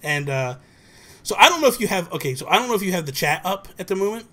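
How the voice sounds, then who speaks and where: A man hosting a livestream, telling a childhood story in a rapid, animated way and acting out family members' voices. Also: high voice. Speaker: livestream host. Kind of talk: casual chat, storytelling.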